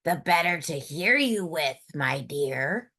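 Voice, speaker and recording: Storybook big bad wolf, male, deep and scratchy, sly and slow menace, voiced by a woman reader. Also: lively intonation, sharp tone, breathy edge, exaggerated voice.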